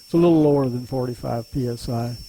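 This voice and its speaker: An older man from Louisiana with a softened Southern accent, giving an unhurried, folksy woodworking demonstration to a club. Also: medium pitch, poor audio. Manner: unhurried, folksy, chuckles often. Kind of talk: casual demonstration talk.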